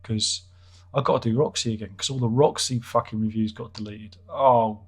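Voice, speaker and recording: A man's voice: medium pitch, fairly even intonation, fairly quick, darkish tone. A man hosting a casual livestream, reading out chat comments in a rambling, self-interrupting, wry way.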